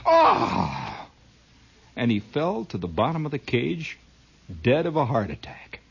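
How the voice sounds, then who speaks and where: A man's voice: mid-range voice, very animated, moderate pace, vocal fry, breathy edge. A man telling a comic story as a dramatic monologue, adding his own sound effects, on a dull lo-fi recording. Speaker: comedian.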